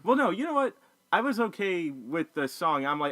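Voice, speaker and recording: A man co-hosting a casual movie review, animated and profane, slipping into quick voices of the characters. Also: high voice, no echo.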